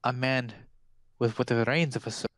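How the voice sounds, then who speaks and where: A man voicing an old female fortune-teller, speaking in slow, theatrical, ominous pronouncements. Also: mid-range voice, steady tone, fairly bright tone, no room sound, lightly acted, rough recording. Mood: cryptic.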